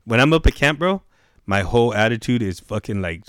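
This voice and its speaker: A man's voice: medium pitch, lively intonation, brisk, clean tone, no room sound. Profane storytelling man, dry close sound. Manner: profane, slangy, keeps saying bro; acts out quoted yelling in raised voice. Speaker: guest, youth camp director. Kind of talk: casual storytelling chat.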